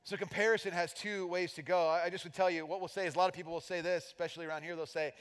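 A middle-aged man preaching a sermon as pastor, animated and self-deprecating, acting out little voices to make his points. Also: high-pitched, racing, smooth. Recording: long hall reverb.

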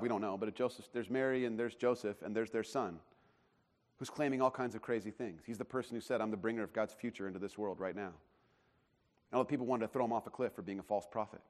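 A man preaching a sermon in a conversational, animated way, acting out the voices of the people in the story. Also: medium pitch, a little fast. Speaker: pastor.

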